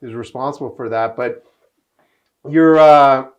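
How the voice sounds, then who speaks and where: A middle-aged man hosting an interview show, telling anecdotes in a rambling, excited way. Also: medium pitch, unhurried, a loud crowd. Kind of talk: casual interview chat.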